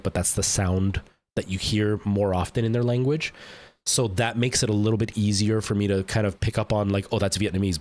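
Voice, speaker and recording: A man's voice: fairly low pitch, a little mellow. A man streaming a game live, chatting casually and thinking aloud with lots of fillers and restarts.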